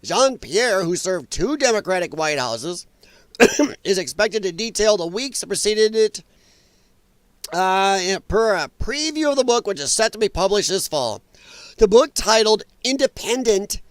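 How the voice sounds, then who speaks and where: A man's voice: high voice, no room sound. A man hosting a political livestream, ranting bluntly and sarcastically with profanity and greeting viewers in chat by name. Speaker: political stream host. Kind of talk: livestream commentary.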